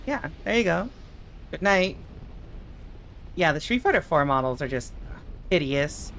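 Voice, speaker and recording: A young adult woman streaming a game, chatting casually with her chat and swearing in expressive outbursts. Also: sits low, measured pace, long pauses, slight background noise.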